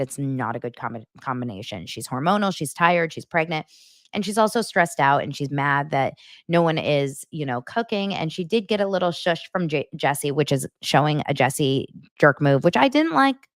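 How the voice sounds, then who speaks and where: A woman's voice: deep voice, dry recording, studio quality. A woman in her thirties, hosting a podcast, gossiping about a reality show in a chatty way full of fillers. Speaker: podcast host. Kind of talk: casual recap chat.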